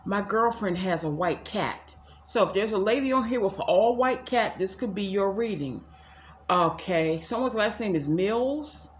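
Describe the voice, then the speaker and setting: A woman's voice: medium pitch, measured pace, roomy sound, slight background noise. A woman giving a casual tarot reading at home, chatty and repetitive, talking straight to her viewers. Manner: chatty, addresses viewers as y'all, repeats herself. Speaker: psychic tarot reader.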